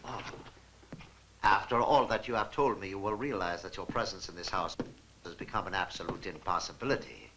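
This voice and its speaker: An actor in a dubbed film playing a stern older professor who speaks formally and dismisses others in clipped tones. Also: male voice, sits low, a little fast, noisy background, natural voice. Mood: cold. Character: stern older male professor, cold and commanding. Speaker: professor and father.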